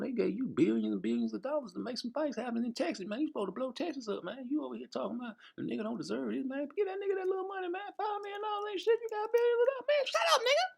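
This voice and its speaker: A man's voice: extremely high pitch, gravelly, a bit bright, husky. A man hosting a vlog, rambling through a profane, streetwise comic rant. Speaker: vlog host.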